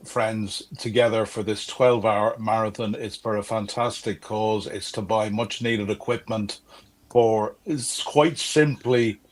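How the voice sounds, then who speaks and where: An Irish man from Dublin, a guest on a livestream, chatting casually and telling jokes in an animated way. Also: lowish voice. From Ireland. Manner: jokey, animated storyteller. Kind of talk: casual chat, telling a joke.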